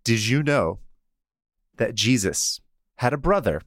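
A man's voice: medium pitch, big pitch swings, slow pace, no room sound, clean studio sound. A man co-hosting a podcast in a comedic casual chat, joking and laughing often. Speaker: podcast co-host.

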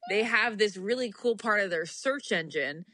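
With a clean, echo-free studio sound, a young adult woman co-hosting a podcast speaks in an expressive, mid-range voice that's pushed and bright, at a moderate pace. Chatty and quick to laugh, she tells stories casually and says "like" often.

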